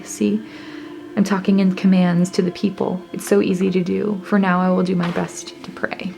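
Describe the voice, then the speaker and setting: Young woman vlogger, lower pitch, vocal fry, rambling journal flip-through, faint music underneath. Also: flat delivery, normal speed, warm tone. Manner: rambling, reads journal entries aloud between asides.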